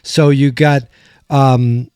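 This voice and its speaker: Young guy podcast host rambling thru an episode recap, mellow dark voice, dry close mic. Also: mid-range voice, drawn-out words, clean tone, no room sound. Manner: rambling, animated retelling with quoted lines.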